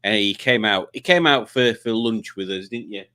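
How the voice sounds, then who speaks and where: A man's voice: lowish voice, moderate pace, pushed and bright. Rambling man hosting a live quiz stream. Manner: rambling, stumbling restarts, teasing. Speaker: livestream host. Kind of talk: casual chat reading comments.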